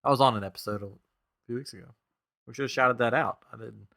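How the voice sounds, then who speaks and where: A man chatting casually as a podcast co-host, cracking self-deprecating jokes. His voice has a bright edge. He sounds relaxed and talkative. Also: mid-range voice, quick pace, vocal fry. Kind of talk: casual chat.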